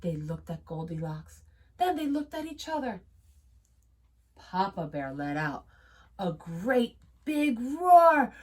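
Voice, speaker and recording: A woman teacher reading a storybook aloud to children, expressive, gasping and pausing. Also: on the low side, slightly rough. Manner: expressive, with gasps and pauses. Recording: voice from a distance.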